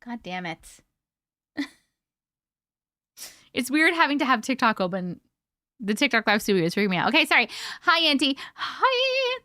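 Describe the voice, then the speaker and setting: A tired, yawning live-stream host, a woman in her early thirties from Colorado, chats and giggles while reading viewer comments aloud. Her high-pitched, sharp voice swings widely in pitch at a moderate pace with frequent pauses, in echo-free studio quality.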